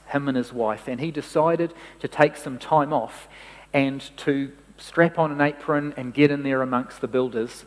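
A man preaching a sermon, telling a story and dropping to a hush for quoted lines. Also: a little high, in a large hall, rough recording.

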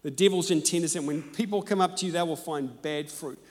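A man preaching a sermon and telling personal stories, animated and emphatic, moving between loud and hushed. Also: on the high side, a little fast. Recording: echoey hall.

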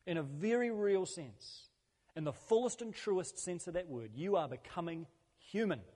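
Man, pastor, earnest conversational sermon, higher voice, long church-hall reverb. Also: animated, normal speed, warm tone. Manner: earnest, conversational preaching with repeated phrases.

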